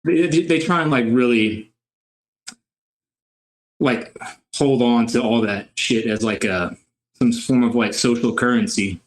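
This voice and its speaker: A man from Louisiana, a podcast guest, talking in a relaxed, rambling way with lots of fillers. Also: mid-range voice, unhurried, pauses often. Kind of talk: casual chat.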